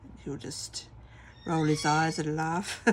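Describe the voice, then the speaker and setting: A woman's voice: sits low, little pitch movement, slow pace, a little hiss or hum. A middle-aged woman, chatting casually and telling rambling stories while she crafts at home. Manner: rambling storytelling with many fillers. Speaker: craft vlogger.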